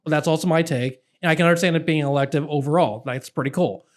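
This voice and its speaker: A man from Philadelphia, a political activist guest, telling a story in casual podcast chat with lots of restarts. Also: fairly high pitch. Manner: earnest, halting storyteller with many restarts.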